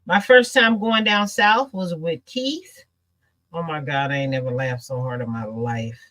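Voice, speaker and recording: A woman from the Midwestern United States chatting casually about family trips south, laughing often and telling lively stories. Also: sits low, a little slow. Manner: laughing, animated storytelling with dialect. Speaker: host. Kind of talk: casual chat while sewing.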